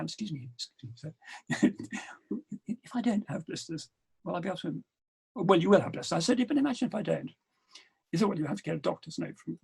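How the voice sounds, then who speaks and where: A middle-aged man from England, a podcast guest telling adventure anecdotes in an animated way and acting out the dialogue. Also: on the high side. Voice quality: gravelly, husky. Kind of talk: storytelling interview.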